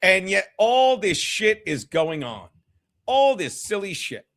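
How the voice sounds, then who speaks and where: A man talks loosely on a home livestream, cursing often and drifting from thought to thought. His voice sits fairly high for a man, and he speaks straight to the chat. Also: very animated, slow pace, fairly bright tone. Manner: profane, rambling, chats with viewers. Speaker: comedian hosting a livestream. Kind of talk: casual solo livestream chat.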